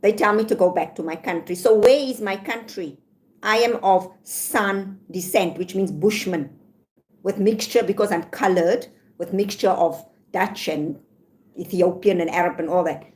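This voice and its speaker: A South African woman vlogging from home, ranting and reading comments aloud, repeating her points slowly. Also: medium pitch, darkish tone. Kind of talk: casual rant to camera.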